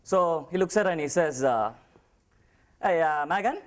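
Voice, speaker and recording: A man's voice: a little high, animated, moderate pace. Indian man telling a comic story. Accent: Indian English. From Chennai, India. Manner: comic storytelling with mimicry of accents. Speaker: speech contestant. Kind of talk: humorous contest speech.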